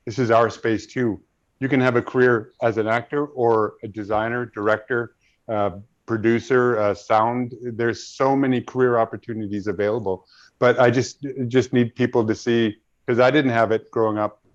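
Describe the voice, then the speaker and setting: A man's voice: mid-range voice, steady tone, normal speed, muffled recording. A middle-aged man, an actor, talking thoughtfully in a panel interview, telling stories with frequent restarts.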